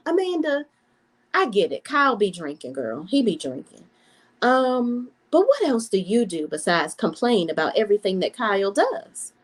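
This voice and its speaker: Female vlogger doing casual reality-TV commentary, blunt and sassy, lively pitch. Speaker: reality TV reviewer.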